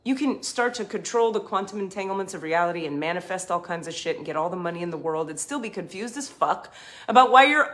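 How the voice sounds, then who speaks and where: A woman hosting a casual spiritual talk, passionate and blunt, swearing freely and swinging between emphatic points and softer asides. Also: lowish voice. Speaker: spiritual advice host.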